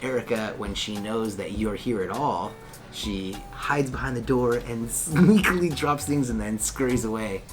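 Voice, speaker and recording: A chatty Californian man hosting a casual vlog from his law office. He rambles and jokes in a mid-pitched voice. Faint music plays behind him. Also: measured pace. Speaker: lawyer and vlog host.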